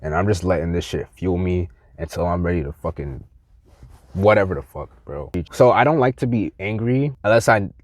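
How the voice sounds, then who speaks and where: Young guy venting on his vlog, lowish voice, dry close sound, swears a lot. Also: moderate pace, darkish tone, no room sound. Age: young adult. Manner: heated, profane, mocks others in quoted voices. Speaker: vlogger. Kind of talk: angry rant to camera.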